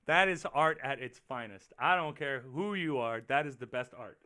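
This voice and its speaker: Lively bright-voiced rambling male host. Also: medium pitch, moderate pace, no echo, studio quality. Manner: rambling, animated, profane, reacting to chat. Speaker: show host. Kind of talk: casual livestream chat with viewers.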